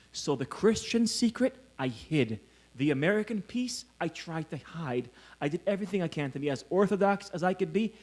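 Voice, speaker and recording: In a conference hall, a middle-aged man who grew up in Israel gives a lecture full of stories about himself, poking fun at himself and laughing often. His voice is medium-pitched and a little mellow.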